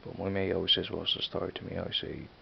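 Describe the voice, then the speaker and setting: Speaking fast in a deep, gravelly monotone, a Dublin-accented man from Ireland rambles through a casual accent tag video in his home vlog, repeatedly saying "you know what I mean." The audio is dull, with a little hiss or hum.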